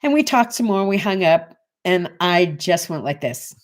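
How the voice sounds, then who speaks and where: A woman's voice: on the low side, normal speed. A woman in her sixties hosting a morning show, telling a casual story and acting out the voices of the people in it. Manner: animated, acts out voices in her anecdotes.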